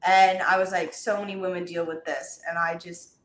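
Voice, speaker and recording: A woman in her twenties, a singer, telling stories in a casual interview, animated and giggly, heard over a video call in an echoey room. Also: fairly low pitch, moderate pace, slight background noise. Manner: animated, giggly, quotes herself in voices. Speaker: singer guest.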